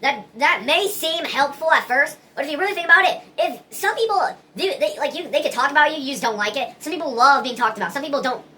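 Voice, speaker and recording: Bright-voiced woman rambling earnestly. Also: sits high, lively intonation, fast, few pauses, a little hiss or hum. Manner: earnest, rambling, many restarts. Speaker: vlogger. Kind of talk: casual opinion monologue.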